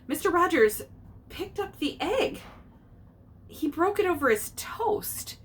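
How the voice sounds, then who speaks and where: A woman reading a picture book aloud to her child, pausing to explain idioms and acting out the characters. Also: very high voice, sing-song, a little hiss or hum.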